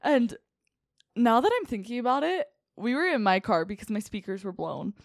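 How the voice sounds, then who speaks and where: Young woman, podcast host, high, swooping, giggly storyteller full of "like", dry close mic. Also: big pitch swings, normal speed, no room sound. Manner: giggly, lots of "like" fillers. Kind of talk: casual chat, storytelling.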